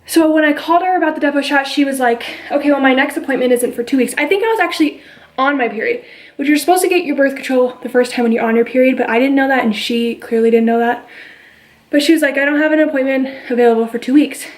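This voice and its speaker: A woman's voice: high voice, fast talker. A young woman vlogging at home, chatting casually as she retells a story and quotes the people in it. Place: at home with her baby.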